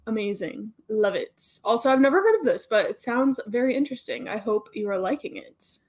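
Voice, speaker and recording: A young woman in a relaxed live-stream chat, chatting freely as she reads out viewer comments and replies to them. Her voice sits a little high. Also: a little fast. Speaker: booktube host reading live chat.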